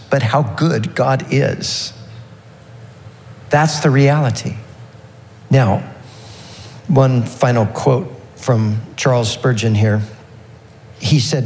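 A man preaching a sermon, earnest and unhurried, slowing down and pausing to press his points. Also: medium pitch, long reverb tail. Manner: earnest, warm preaching with slow emphatic pauses. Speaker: pastor.

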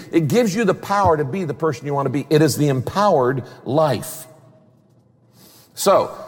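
A pastor preaching a sermon, emphatic and repeating key phrases, sometimes acting out the voices of people in the story. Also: male voice, on the high side. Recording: long reverb of a large hall.

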